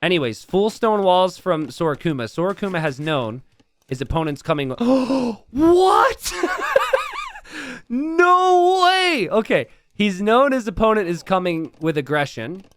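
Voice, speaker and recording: A man casting a strategy game match, excitable and breaking into shouts and laughter. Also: fairly high pitch, normal speed, smooth. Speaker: game caster.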